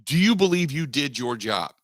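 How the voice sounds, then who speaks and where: Man, sports radio host, bright forceful voice, dry close studio sound, animated monologue. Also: medium pitch, normal speed, no echo. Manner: animated, mock-quoting others in asides.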